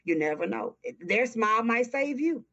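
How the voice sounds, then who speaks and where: A woman's voice: fairly high pitch, lively intonation, creaky, a bit bright. Southern woman in her forties, interview guest, heartfelt and emphatic, dull lo-fi sound. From Texas. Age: early 40s. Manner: earnest, heartfelt, slow and emphatic. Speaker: guest, nonprofit founder. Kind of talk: interview conversation. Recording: dull lo-fi audio.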